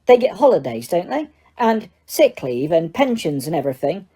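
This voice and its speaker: A woman's voice: fairly low pitch, very animated, moderate pace, warm tone, husky. A woman voicing an earnest, clever teenage girl who is outraged, in an audiobook reading. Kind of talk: audiobook character voice.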